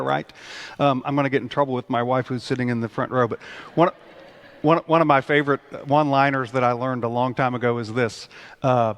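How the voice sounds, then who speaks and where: A pastor delivers a sermon with easy humor, shifting into animated, exaggerated voices for the people he describes. His voice sits a bit high for a man. It rings out with the long reverb of a church sanctuary. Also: normal speed. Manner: conversational, animated, acts out quoted outbursts.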